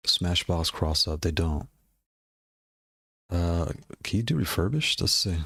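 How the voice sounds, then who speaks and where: Laid-back rambling man, low voice. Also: expressive, slow pace, sharp tone, breathy edge, dry recording, clean studio sound. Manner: rambling, laughs often, repeats himself. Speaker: gaming hardware video creator. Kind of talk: casual product talk while browsing.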